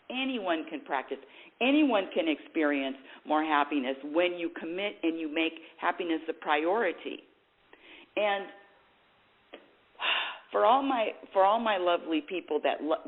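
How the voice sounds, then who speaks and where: A woman hosting a spiritual talk show, speaking in a rambling, self-correcting way and laughing at herself. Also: sits low. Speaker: radio show host. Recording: tinny phone-like sound.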